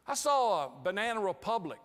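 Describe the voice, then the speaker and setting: A man giving an inspirational talk, telling a humorous story with lively, acted-out dialogue to a live audience. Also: high voice, a little fast. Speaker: inspirational speaker. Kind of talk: storytelling keynote speech. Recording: hall reverb.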